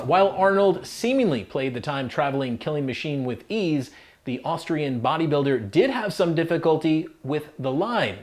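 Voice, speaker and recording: A man's voice: fairly high pitch, slight background noise. A man hosting a casual countdown video, narrating in an upbeat, chatty way with playful asides to the listener. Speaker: host.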